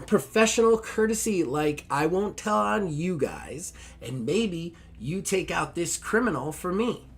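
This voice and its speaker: A man's voice: high voice, animated, unhurried, soft background music, voice pushed up. A man voicing a bubbly young woman who talks in gushing valley-girl style, full of "like" and "totally". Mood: persuasive.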